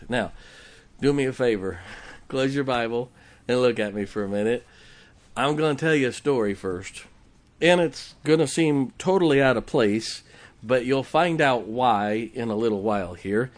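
A man's voice: mid-range voice, measured pace. A man preaching a sermon in a church, folksy and joking as he tells a story to the congregation. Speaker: pastor. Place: church sanctuary.

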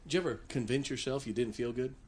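A man's voice: medium pitch, quick pace. A man preaching a sermon as pastor, telling folksy stories and joking with his congregation.

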